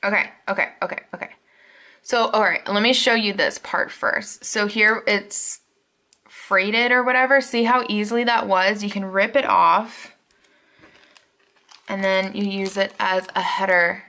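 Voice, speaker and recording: A woman chatting casually to viewers at her desk at home while unboxing planner supplies, gushing and excitable with chatty asides. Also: mid-range voice, measured pace.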